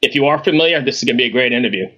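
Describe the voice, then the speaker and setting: Bright-voiced easygoing podcast host. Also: male voice, mid-range voice, rapid-fire, slightly rough. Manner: easygoing, laughing. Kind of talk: casual podcast chat.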